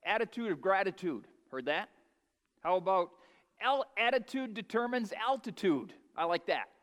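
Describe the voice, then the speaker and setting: High-voiced man preaching in a reverberant hall. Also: animated, moderate pace. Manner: folksy preaching, rising to loud emphatic climaxes. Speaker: pastor. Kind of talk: sermon.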